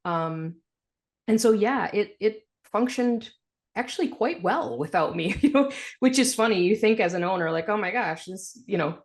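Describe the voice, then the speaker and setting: A woman, a podcast guest, telling her story in a frank, animated way and laughing through hard memories. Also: medium pitch, gravelly. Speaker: podcast guest, financial planner. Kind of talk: candid storytelling interview.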